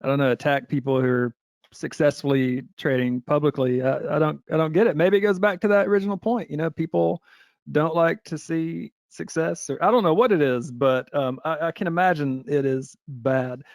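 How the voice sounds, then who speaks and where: A man's voice: a little high, normal speed, no echo, studio quality. A man hosting a casual interview podcast, easygoing and a bit hesitant, with lots of small agreeing sounds. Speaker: podcast host.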